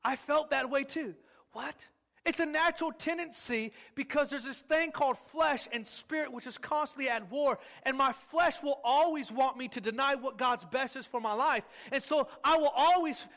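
A man's voice: very high-pitched, fairly bright tone. A male pastor preaching a sermon, stretching out words for emphasis and calling on the congregation to repeat after him. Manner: emphatic, drawn-out words for stress.

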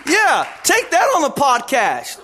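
A middle-aged man preaches with fervent conviction, his voice pitched high and ringing bright. He builds in intensity and breaks into shouts to hammer each point home. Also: huge pitch swings, unhurried, a faint crowd, slight background noise. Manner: impassioned, often shouting for emphasis. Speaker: pastor. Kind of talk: sermon.

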